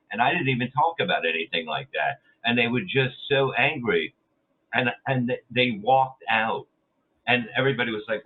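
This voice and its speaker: Blunt, husky man on a tinny line. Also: fairly low pitch. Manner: rambling, blunt storytelling with swearing. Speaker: guest comedian. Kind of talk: casual podcast chat.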